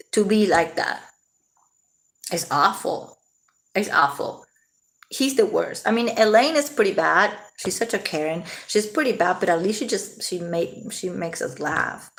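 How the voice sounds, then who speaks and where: A woman's voice: fairly low pitch, a bit bright. A woman vlogging casually, rambling and laughing often as she talks. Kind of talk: casual commentary to camera.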